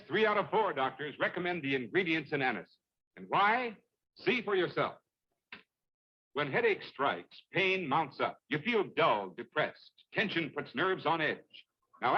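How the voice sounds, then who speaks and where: A man playing an announcer in a vintage TV commercial, delivering a hard-sell pitch with punchy emphasis. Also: slightly rough. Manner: emphatic, punchy list-making. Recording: dull lo-fi old TV ad.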